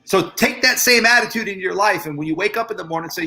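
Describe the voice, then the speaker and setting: Host in his forties, bright forward voice, slightly high, animated storyteller in casual chat. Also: fast. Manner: animated storyteller, laughs often. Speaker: podcast host.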